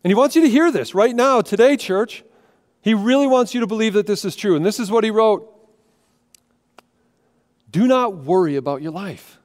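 A man preaching a sermon as pastor, moving between hushed, intimate passages and loud, emphatic ones. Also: sits high, a little fast. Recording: long hall reverb.

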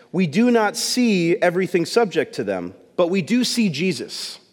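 A man's voice: high-pitched, in a large hall. A man preaching a casual sermon in a church, telling the story with jokes and acting out the voices. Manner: animated storytelling, acts out voices, jokes with congregation. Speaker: pastor. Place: church sanctuary.

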